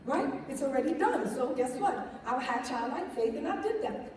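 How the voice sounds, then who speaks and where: A woman tells her story to a live audience in a big, strongly echoing hall, heard from a distance off the mic. Her voice sits high, and she keeps it animated, laughing and checking in with the crowd as she goes. A faint crowd murmur runs underneath. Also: normal speed, slight background noise. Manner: animated storytelling, laughing, acting out quotes, asks "right?". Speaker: speaker sharing testimony. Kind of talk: lively testimony talk to a live audience. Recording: echoey hall from far off.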